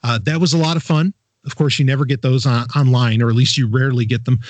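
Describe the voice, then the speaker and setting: A man's voice: medium pitch, fairly even intonation, fast talker, no echo. A man hosting a podcast, talking enthusiastically in a rambling casual chat with many restarts. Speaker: podcast host.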